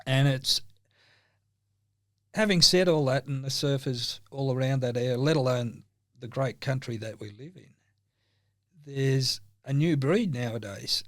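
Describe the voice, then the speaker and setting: A man's voice: mid-range voice, a little slow, pauses often, a bit bright, no echo, studio quality. An older Australian man, a podcast guest in casual chat, telling rambling anecdotes and laughing often.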